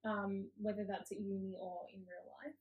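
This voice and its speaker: A woman's voice: medium pitch, little pitch movement, normal speed, echoey room, dull audio. A young woman explaining her views casually in an interview. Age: young adult. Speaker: guest, founder's daughter.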